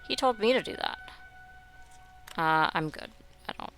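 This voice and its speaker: Young female streamer, wry deadpan commentary, bright gravelly tone. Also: on the low side, a little slow, faint music behind. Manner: wry, sarcastic asides. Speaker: game streamer. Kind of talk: gameplay commentary.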